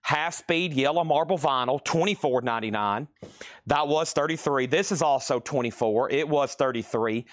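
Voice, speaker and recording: A man hosting a live-streamed record sale, chatting quickly through prices and buyer names, a bit out of breath. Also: mid-range voice, dry recording, clean studio sound.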